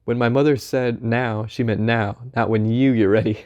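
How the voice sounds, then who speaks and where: Man, audiobook narrator, first-person memoir, mid-pitched voice, conversational telling. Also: fairly even intonation, normal speed, darkish tone, dull audio.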